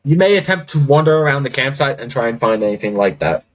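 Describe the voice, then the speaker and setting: A man's voice: medium pitch, lively intonation, fast. A man acting as game master, narrating a tabletop game in a casual, rambling way over a voice call.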